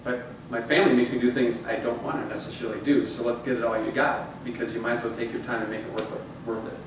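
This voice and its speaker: A man in his forties tells stories and rallies his staff in a loose, conversational way, often repeating himself for emphasis. His voice sits at an ordinary pitch. He stands well back from the mic in a very echoey room with a faint hum behind him. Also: level tone, fast, distant mic. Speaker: company leader addressing staff. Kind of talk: motivational talk with personal stories.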